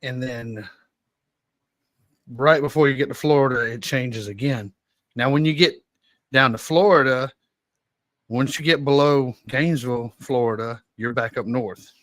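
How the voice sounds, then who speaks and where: A man's voice: medium pitch, a little slow, long pauses, a bit bright, no echo. Laughing man with a Georgia accent. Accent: Georgia Southern. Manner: laughs often, rambling storytelling. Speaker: podcast co-host. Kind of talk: casual chat.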